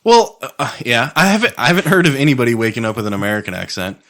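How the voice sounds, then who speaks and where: A man's voice: mid-range voice, animated, racing, fairly bright tone. A man co-hosting a podcast, chatting casually over drinks, profane and laughing as he rambles. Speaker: podcast co-host.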